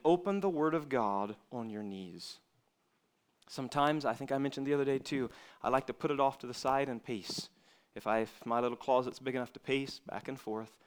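A male preacher giving an earnest sermon to young people, swinging between loud emphasis and quiet asides. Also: mid-range voice.

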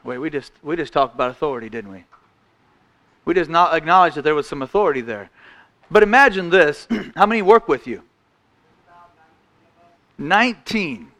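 A man preaching a sermon in a church, folksy, restarting phrases and often clearing his throat. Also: a little high, animated, moderate pace, long pauses, bright, forceful tone.

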